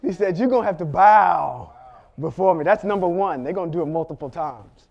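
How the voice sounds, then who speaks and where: High-pitched male Bible teacher, lively storytelling delivery. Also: a little fast, gravelly, muffled recording. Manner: animated storytelling, acting out the characters' lines. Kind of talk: sermon teaching.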